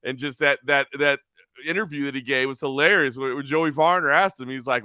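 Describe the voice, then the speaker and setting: Bright-voiced man talking fight sports. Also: mid-range voice, a little fast, clean tone, dry recording, studio quality. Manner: animated, repeats words while thinking. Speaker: co-host, sports commentator. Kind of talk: casual sports talk.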